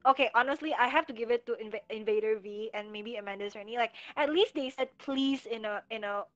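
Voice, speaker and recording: A woman with a fairly high voice chats bluntly and gets animated as she gives her opinions. The sound is dry and dull, like lo-fi audio, with faint music underneath. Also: brisk, no room sound. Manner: blunt, animated when mimicking others. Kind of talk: casual chat.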